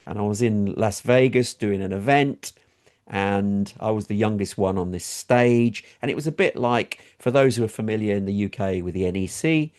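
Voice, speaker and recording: A middle-aged Englishman co-hosting a talk show tells a story in casual chat, putting on high voices for the people he quotes. He speaks at a normal speed with a darkish tone.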